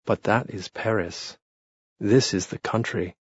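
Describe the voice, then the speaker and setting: A man voicing a cool, sarcastic Bavarian lawyer in an audiobook, with a husky, dry delivery. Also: lowish voice, unhurried, no echo, muffled recording. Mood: sardonic.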